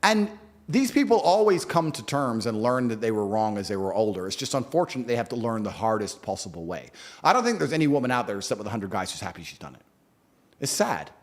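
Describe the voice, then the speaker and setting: A man's voice: medium pitch, very animated, fast. A man, a podcast guest, talking bluntly and emphatically in a lecturing way. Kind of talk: opinionated podcast talk.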